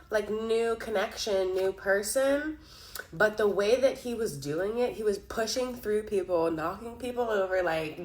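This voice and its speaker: A woman's voice: medium pitch, expressive, a little slow, a little hiss or hum. A young woman giving a casual tarot reading, chatty and giggly, filling her talk with "like". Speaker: tarot reader.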